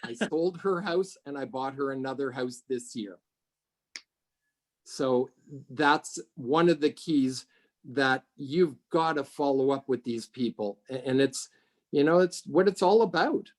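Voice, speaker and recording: A middle-aged man from Canada, a realtor being interviewed, telling stories in a conversational way and acting out quoted voices with big jumps in pitch. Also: measured pace, darkish tone. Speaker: realtor guest.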